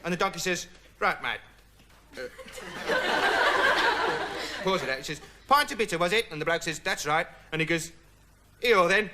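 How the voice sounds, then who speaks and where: Brief: a dim, rambling lad, high and sing-song, deadpan and earnest, over loud background noise. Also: male voice, moderate pace, pauses often. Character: dim rambling young male amateur investigator. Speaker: comic character monologue. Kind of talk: studio comedy monologue.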